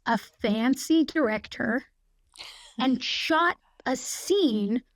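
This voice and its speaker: A woman in her forties, a podcast guest, telling stories in a quick, chatty way full of "like". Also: high-pitched, expressive. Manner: chatty, fast storytelling with frequent "like". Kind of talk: casual anecdote telling.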